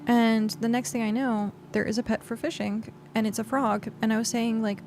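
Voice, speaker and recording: Woman streamer, fairly high gravelly voice, chatty and rambling, faint music underneath. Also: steady tone, normal speed, hardly any pauses, darkish tone. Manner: chatty and rambling, with frequent fillers. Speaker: game streamer. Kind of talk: casual livestream chat.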